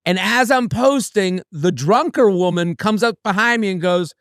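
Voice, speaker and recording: A man co-hosting a podcast, telling a funny story in a casual, animated way and acting out other people's lines. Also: high voice, normal speed, few pauses, clear, resonant tone, no echo, studio quality. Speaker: podcast co-host and comedian.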